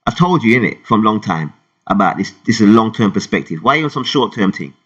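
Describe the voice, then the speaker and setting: A man with a London accent talking casually to his viewers in a slangy, rambling way, rising loud and falling low. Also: big pitch swings, quick pace, slightly rough, highs cut off. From England. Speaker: crypto vlogger. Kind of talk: casual talk to camera.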